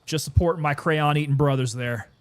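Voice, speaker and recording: Relaxed male streamer, slightly higher voice. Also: brisk, clear, resonant tone. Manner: relaxed, chatty, sometimes winded. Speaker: gaming streamer. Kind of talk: casual gameplay commentary.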